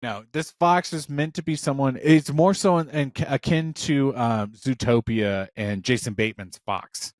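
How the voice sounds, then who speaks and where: Excitable rambling man on a podcast. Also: medium pitch, unhurried, few pauses, dry recording, clean studio sound. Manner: rambling, excitable, swears a lot. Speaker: podcast co-host. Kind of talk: casual chat.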